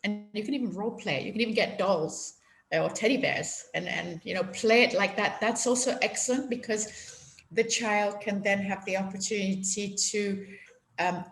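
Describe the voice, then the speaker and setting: Gentle woman giving parenting advice. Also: mid-range voice. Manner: gentle, explanatory, acts out parent quotes. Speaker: parenting expert guest. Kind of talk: conversational advice on video call. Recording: echoey room with faint noise.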